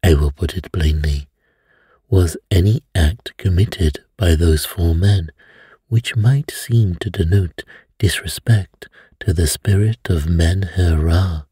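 A man reading as a soft-spoken, placid old detective. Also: deep voice, slow, breathy edge, no echo, studio quality, heavily acted. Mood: calm probing.

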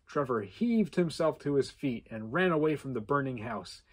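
A man reading a contest story aloud with animated delivery and playful asides. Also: mid-range voice, normal speed, husky. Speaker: contest entry reader.

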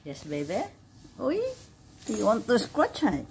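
A woman's voice: mid-range voice, sing-song, unhurried, creaky, slight background noise. Woman cooing baby talk to her dog. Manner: cooing baby talk, mixing Tagalog and English. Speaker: vlogger. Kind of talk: casual pet vlog, talking to her dog. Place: home, indoors.

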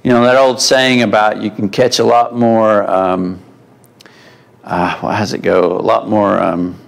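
Slow-talking man teaching a Bible class. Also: lowish voice, level tone, creaky. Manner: conversational, asks the class questions, folksy phrasing. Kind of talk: mid-week Bible class lesson. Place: church classroom.

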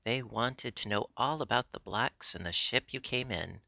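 A man's voice: mid-range voice, normal speed, vocal fry, pushed and bright, dry recording, studio quality. Chatty Yorkshire maid, as a man reads her. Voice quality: broad dialect, homely and eager. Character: cheerful young Yorkshire maid, woman, chatty. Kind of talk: audiobook character reading.

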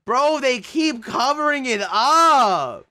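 A young man of Mexican heritage chatting profanely with his livestream viewers, excitable and prone to sudden shouts and laughter. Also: very high-pitched, slow. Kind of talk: casual livestream chat with viewers.

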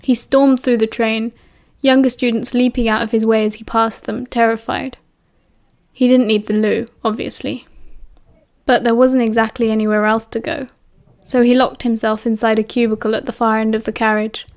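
A woman with a British accent reads a novel aloud in a steady, expressive audiobook style. Her voice sits a little high for a woman. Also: normal speed. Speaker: audiobook narrator. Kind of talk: audiobook narration.

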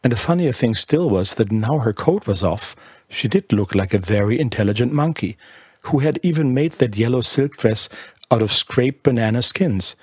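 A man reading a literary short story aloud in a measured, expressive narration. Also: medium pitch, breathy edge, no echo, studio quality.

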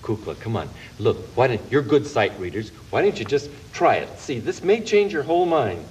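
Close to an everyday voice, this man's mid-range, slightly mellow delivery is very animated at a moderate pace as he plays a scheming male puppet dragon running the show in a 1970s TV puppet comedy. He coaxes and gets flustered, stammering and restarting. The dull lo-fi broadcast tape carries a little hiss or hum.

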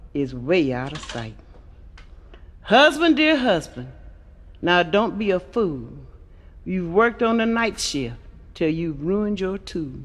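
A woman's voice: medium pitch, fairly bright tone. A woman comedian telling bawdy jokes and rhymes in a brash, earthy storytelling manner. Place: stage before live audience.

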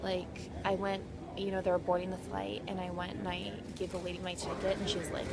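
Speaking fairly fast with few pauses, this woman has a fairly low, creaky voice that barely moves in pitch. She's a travel vlogger chatting casually to camera, leaning constantly on "like" and "um," and her handheld recording carries noisy background ambience.

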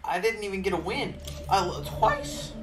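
A man's voice: high-pitched, lively intonation, normal speed. A man casually commenting on his own gameplay, rambling and playful as he talks to himself. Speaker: gamer. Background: game music.

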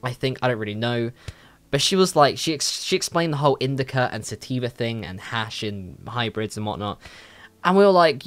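A young man, telling a story in a casual, animated way and swearing freely. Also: fairly quick. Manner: animated, swears a lot, jumpy pitch. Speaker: vlogger.

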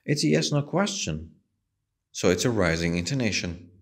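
A man teaching an English lesson, explaining patiently and slowly with a strongly rising and falling voice. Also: fairly low pitch, sing-song.

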